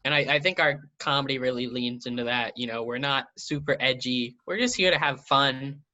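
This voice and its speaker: Bright young improv host on lo-fi call. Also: medium pitch, moderate pace. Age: young adult. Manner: friendly, steering the talk. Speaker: college improv troupe member leading questions. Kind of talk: casual chat on a livestream.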